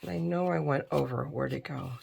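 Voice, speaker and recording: A tired, middle-aged woman talks her way through a crafting project in a relaxed, chatty way. Her voice sits low and has a gravelly edge. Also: fairly quick, heavy background noise. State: tired and yawning. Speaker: crafting video host. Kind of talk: casual crafting tutorial chat.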